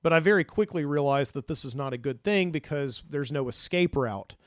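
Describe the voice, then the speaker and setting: A man's voice: a little high, lively intonation, brisk, a bit bright, dry recording, clean studio sound. A man, a podcast host, casually recounting a dream in a rambling way, full of fillers and restarts.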